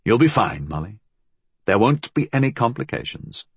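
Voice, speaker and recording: A man voicing a calm male gang leader who speaks in a measured, commanding way. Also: on the low side, husky, no echo, exaggerated voice.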